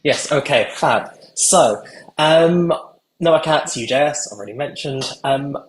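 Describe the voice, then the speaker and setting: A man asking a question at a formal meeting over a video call, speaking hesitantly with many pauses and ums. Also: on the high side, animated, reverberant, a little hiss or hum, low-quality recording.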